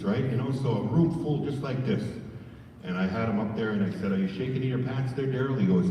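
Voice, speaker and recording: A man's voice: mid-range voice, warm tone, slight background noise. A man giving a folksy training talk to a room of staff, calling them folks. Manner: folksy, addresses the audience as folks. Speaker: presenter. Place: large room full of staff. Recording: roomy hall, far mic, dull.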